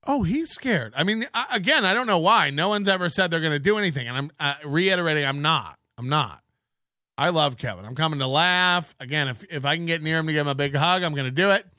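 A man's voice: a little high, animated, quick pace, pushed and bright, dry recording, clean studio sound. A man hosting a podcast, ranting in a mocking tone and laughing often. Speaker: podcast host. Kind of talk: ranting commentary.

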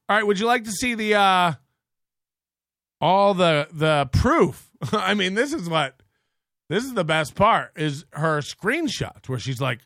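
A man's voice: high-pitched, very animated, unhurried, bright, forceful tone, no echo, clean studio sound. A male show host ranting crudely and mockingly about a viewer dispute, laughing at his own jokes.

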